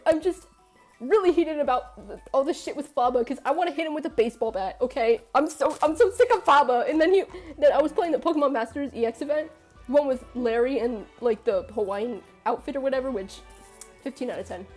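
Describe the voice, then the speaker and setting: A high-pitched woman on a live stream, chatting and ranting at a game with bursts of laughter and the odd curse. Her voice sits bright and high, with faint game music playing underneath. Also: fairly quick. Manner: excitable ranting, laughs and swears. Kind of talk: live-stream reaction chat.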